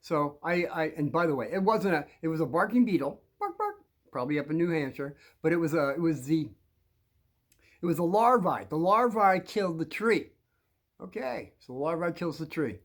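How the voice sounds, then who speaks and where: A man's voice: fairly high pitch, expressive, moderate pace. Folksy older man rambling a story. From New Jersey. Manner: folksy, digressive, chuckling asides. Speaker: storyteller addressing kids. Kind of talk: rambling personal story to children.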